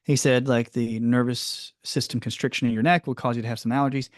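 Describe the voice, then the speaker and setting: A middle-aged man chatting as an interview guest, rambling and warm. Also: medium pitch, flat delivery, fairly quick, dry recording, clean studio sound. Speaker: guest, clinic owner. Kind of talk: casual interview.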